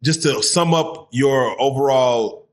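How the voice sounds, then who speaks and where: Male host, mid-pitched voice, terse reactions and short questions. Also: slow pace. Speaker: interview host. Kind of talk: casual interview.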